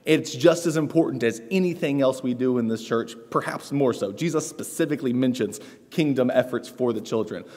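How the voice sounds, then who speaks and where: A man delivers a sermon in an earnest, conversational way, with easy fillers and the odd light laugh. His voice sits at an ordinary middle pitch. It rings out with the long reverb of a church hall. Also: a little fast, few pauses, darkish tone. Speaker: preacher. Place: church sanctuary.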